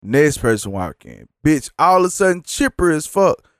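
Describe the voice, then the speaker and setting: A man hosting a podcast, telling a profane, animated story while sick and tired, mocking the people he quotes. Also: a little high, normal speed, clean tone, no echo, studio quality. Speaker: podcast host. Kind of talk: casual storytelling monologue.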